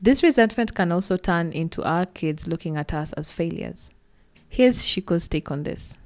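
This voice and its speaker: A woman hosting a podcast, reading scripted links between segments in a measured way. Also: fairly low pitch, animated, a little mellow. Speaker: podcast host. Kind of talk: scripted narration.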